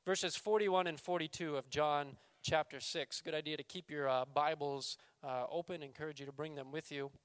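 A male pastor preaching a sermon, raising his voice for scripture quotes and dropping low and quiet for emphasis. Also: fairly even intonation, normal speed, hardly any pauses, clean tone, dry recording. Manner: reads scripture quotes with raised voice, then drops to quiet emphasis.

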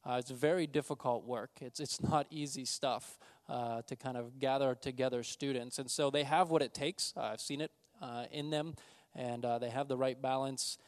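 A man's voice: mid-range voice, fairly even intonation, moderate pace. A man, a pastor, introducing new campus missionaries in a church service with frequent fillers. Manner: warm, filler-heavy introduction. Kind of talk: church announcement.

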